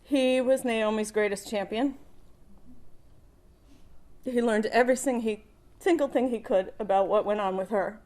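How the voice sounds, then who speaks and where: A woman's voice: a little high, unhurried, long pauses, a little mellow. A middle-aged woman, a daughter, giving a eulogy at a funeral service, speaking fondly and often laughing between memories.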